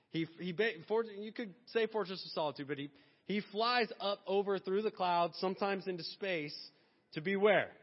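Male pastor, high voice, animated casual sermon with acted asides, muffled echoey church sound. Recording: dull long-reverb hall sound.

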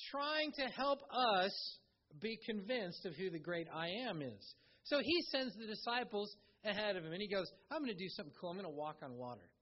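With a voice pitched very high for a man, a pastor preaches in a relaxed, conversational style, slipping into small acted-out quotes along the way. The recording is dull and lo-fi.

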